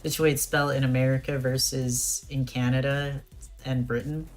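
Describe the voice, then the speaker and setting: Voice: medium pitch, flat delivery, normal speed. A young adult streamer chatting casually while playing and reading dialogue aloud, often laughing and stammering on restarts.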